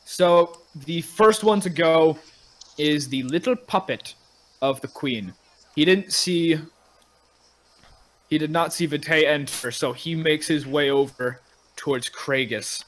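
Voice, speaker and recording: A man's voice: a little high, takes it slowly, fairly bright tone, low-quality recording. A man narrating as game master in a casual online tabletop game, loose and rambling. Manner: loose and rambling, with many fillers.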